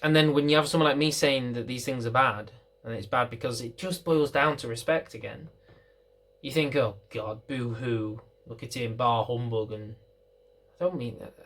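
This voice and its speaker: Venting to camera, a young dog trainer from Britain piles on the rhetorical questions. He speaks at a normal speed in a medium-pitched, fairly bright voice with a British accent.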